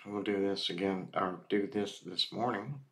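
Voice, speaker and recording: A man streaming a game, slowly talking himself through his moves in a casual way. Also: low voice, creaky, a bit bright. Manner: slow, muttering to himself. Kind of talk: casual gameplay commentary.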